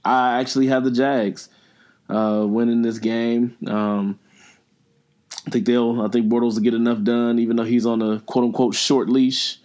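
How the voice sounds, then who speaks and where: A man's voice: medium pitch, flat delivery, normal speed, darkish tone. A man co-hosting a casual sports podcast, talking in a rambling, joking way with lots of fillers. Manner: joking, rambling, apologetic teasing. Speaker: podcast co-host.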